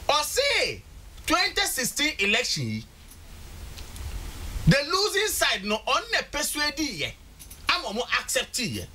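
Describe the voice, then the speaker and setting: A man's voice: very high-pitched, huge pitch swings, a little slow, long pauses, pushed and bright, a little hiss or hum. A Ghanaian man talking politics on a studio panel, emphatic and repeating words for stress. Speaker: political commentator.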